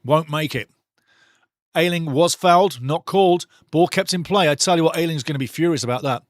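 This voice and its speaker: Lively man calling football, dry close sound. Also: on the high side, fairly quick, dry recording. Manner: energetic, chatty, jumps between play-by-play and stories. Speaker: watch-along football commentator. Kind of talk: live watch-along match commentary.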